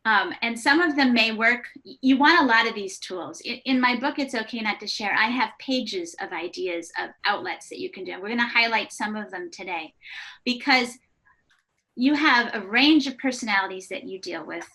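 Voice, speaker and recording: A woman presents a live online workshop for early childhood educators, chatting warmly with frequent restarts and light laughs. Her voice is fairly high at a normal speed, heard through a video call microphone.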